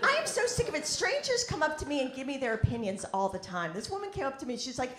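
A woman's voice: high voice, big pitch swings, fast talker. A woman performing a stand-up routine in a comedy club, with a wry, self-deprecating delivery. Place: comedy club in New York. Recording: roomy club recording with audience noise.

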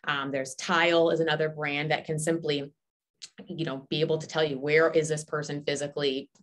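A woman's voice: sits low, little pitch movement, fairly quick. A woman presenting an educational webinar, explaining at length with frequent ums and restarts.

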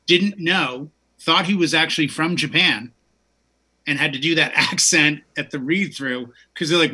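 Husky-voiced man with a bright, forceful tone. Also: fairly high pitch, moderate pace. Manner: enthusiastic, tells long digressive stories. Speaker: DJ and show host. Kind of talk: casual chat.

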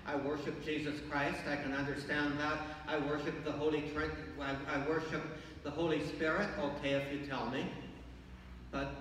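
An older man, a priest, giving a conversational, gently humorous sermon that takes the form of a story. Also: a little high, level tone, normal speed, a little hiss or hum. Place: large church. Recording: echoey church from far off.

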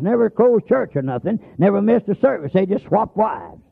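A man preaches in a folksy storytelling way, his voice rough and gravelly and pitched a bit high. He punches out scripture lines with emphasis. The old tape sounds thin and phone-like. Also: very animated, moderate pace, few pauses. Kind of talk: holiness sermon.

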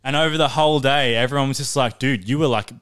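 A man's voice: medium pitch, quick pace, a bit bright, smooth. Young man telling a sweary story. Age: young adult. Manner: laid-back, sweary, laughs while telling. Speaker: podcast co-host. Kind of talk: casual storytelling chat. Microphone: podcast studio mic.

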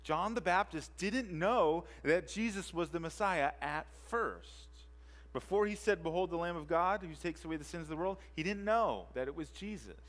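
A man who is a pastor, preaching a sermon with emphatic repetition and rhetorical questions, moving between quiet and loud for emphasis. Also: a little high. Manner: emphatic, repeats key phrases and asks rhetorical questions. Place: church sanctuary.

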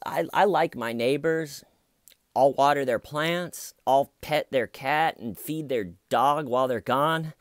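A man's voice: medium pitch, takes it slowly, dry recording, studio quality. A man giving casual, sarcastic commentary on a YouTube video, joking and conversational. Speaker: YouTube true-crime commentator.

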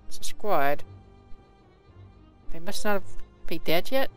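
A man's voice: a little high, big pitch swings, unhurried, pauses often, fairly bright tone, soft background music, low-quality recording. A man commentating a video game, reading its combat log aloud and adding casual remarks. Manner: reads game text aloud with casual asides. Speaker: let's play commentator.

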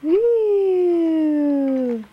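A woman's voice: very high-pitched, lively intonation, very slow, phone-quality sound. A woman, a mother, cooing to her baby in sing-song baby talk on a home video.

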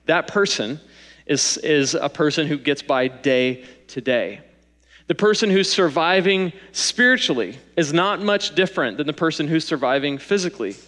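Young guy pastor giving a sermon, chatty and animated, voice a bit high, big hall echo. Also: moderate pace. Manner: conversational, animated asides, sings and mimics while preaching. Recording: long hall reverb.

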